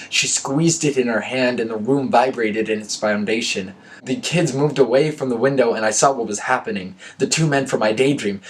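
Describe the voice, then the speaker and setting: A young man reading aloud a story he wrote as a kid, breaking off for sarcastic, self-mocking asides. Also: on the low side. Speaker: vlogger reading his old story. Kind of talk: reading aloud with joking commentary.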